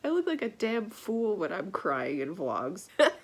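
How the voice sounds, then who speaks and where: A young woman chatting casually in a book vlog, stuffy-nosed from crying, emotional and laughing often, sometimes dropping to a soft whisper. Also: mid-range voice, very animated, unhurried, husky. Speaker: book vlogger.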